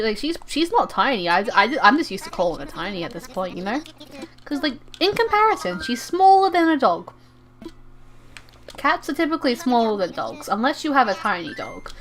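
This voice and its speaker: A young woman streaming a game, chatting casually in an excitable, rambling way, often stammering and repeating herself. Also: on the high side. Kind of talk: casual live-stream chat while gaming.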